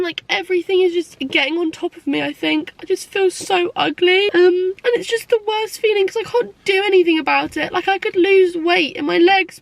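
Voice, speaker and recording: A high, light voice carries this young British woman's confessional vlog. She talks to the camera in a candid, rambling way, packs her sentences with fillers and swears freely, and sounds tearful at times. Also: gravelly, fairly bright tone, no room sound. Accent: British English. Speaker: vlogger.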